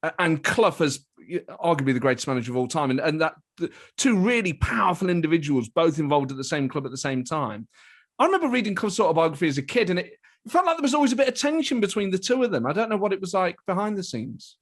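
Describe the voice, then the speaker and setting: A man hosting a podcast who asks long, halting questions with many restarts. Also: fairly high pitch, very animated. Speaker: podcast host. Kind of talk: casual podcast chat.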